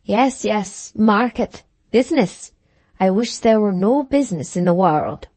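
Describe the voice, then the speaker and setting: An earnest young Scotsman, shy and awkward with ladies, read by a woman narrating an audiobook, plain-spoken and sincere. Her voice stays mellow and dark-toned, recorded dry and close. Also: mid-range voice, animated, measured pace, no room sound. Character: earnest young Scottish man, shy with women. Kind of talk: audiobook character reading.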